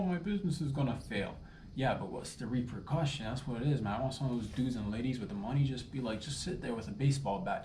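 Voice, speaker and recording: A man's voice: lowish voice, a little hiss or hum. Rambling man in an echoey room. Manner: rambling, self-interrupting, playful. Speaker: comedian. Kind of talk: improvised comedic monologue. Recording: roomy echo with faint ambience.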